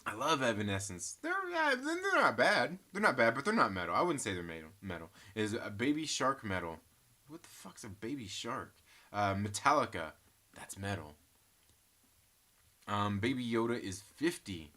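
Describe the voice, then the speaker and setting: A man's voice: medium pitch, sing-song, moderate pace, pushed and bright. A man hosting a casual live stream, telling rambling stories full of swearing and frequent laughter, and reading chat comments aloud.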